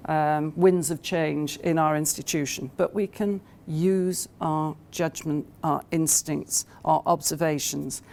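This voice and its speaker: Low-voiced woman giving a talk. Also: a little mellow. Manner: anecdotal, hesitant with many fillers. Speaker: conference speaker. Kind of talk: conference talk.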